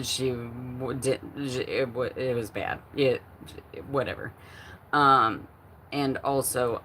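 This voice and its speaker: A woman in her forties hosts a relaxed livestream from home, talking directly with her viewers. Her voice is gravelly with some vocal fry, and she speaks slowly. She rambles, restarts her sentences and fills the gaps with lots of "um" and "like". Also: very deep voice, a little hiss or hum. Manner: chatty, rambling with many fillers and restarts. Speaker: livestream host. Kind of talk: casual livestream chat, reading chat aloud.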